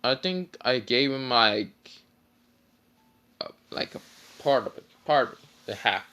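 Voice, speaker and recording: Brief: casual, rambling male storyteller, foul-mouthed and tired; bright, animated delivery. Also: mid-range voice, measured pace. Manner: rambling, swearing, many fillers. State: tired after little sleep. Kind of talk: casual fan-fiction storytelling.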